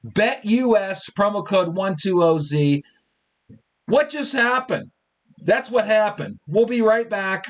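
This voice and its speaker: A man's voice: high voice, a little slow. A man hosting a casual sports talk show, joking and a little tipsy, slipping into fan voices as he rants. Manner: animated, joking, mimics fans in quotes.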